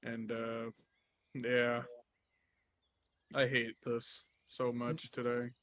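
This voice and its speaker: A man's voice: mid-range voice, completely flat delivery, drawn-out words, a bit bright, dry recording, voice pushed down. A man voicing a tired, grumbling male bear guard commander in a tabletop game. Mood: grumpy, weary.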